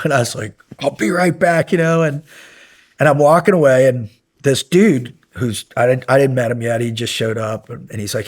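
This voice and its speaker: A man's voice: medium pitch, moderate pace. Rambling, profane middle-aged man telling war stories. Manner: rambling anecdotes with many fillers, profane and animated when recounting yelling. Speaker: podcast guest, former SEAL instructor. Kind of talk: casual storytelling interview.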